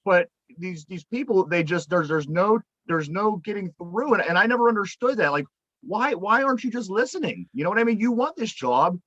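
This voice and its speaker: A man's voice: sits high, lively intonation, fairly quick, a bit bright, dry recording, lo-fi sound. A man with a Pittsburgh accent hosting a casual podcast, giving earnest opinions and repeating himself as he thinks. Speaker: podcast host.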